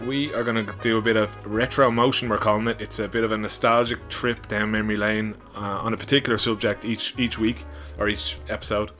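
A man's voice: lowish voice, flat delivery, a little fast, hardly any pauses, a bit bright, faint music behind. A man hosting a podcast, laughing along with his co-host and introducing the next segment in a laid-back way.

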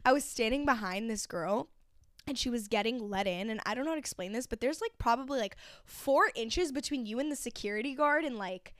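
A young woman co-hosting a podcast, telling a story in casual, animated chat with laughter and swearing. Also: fairly high pitch, brisk, no room sound, clean studio sound. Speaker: podcast co-host.

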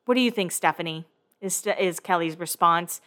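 This young woman hosts a recap podcast, running through a reality show episode casually at a normal speed in a fairly low voice. She's animated, acts out the cast's lines, and swears freely.

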